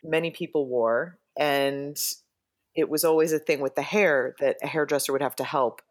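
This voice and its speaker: Deep-voiced woman telling a lively story. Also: moderate pace. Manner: animated storyteller, laughing, acting out quotes. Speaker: hair designer. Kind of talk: casual anecdote.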